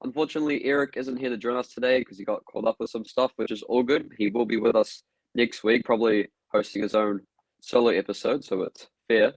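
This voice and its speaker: A young male podcast host with a middle-pitched voice, upbeat and friendly as he leads the interview. The sound is dry and close, with no room echo. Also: fairly even intonation, fairly quick. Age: young adult.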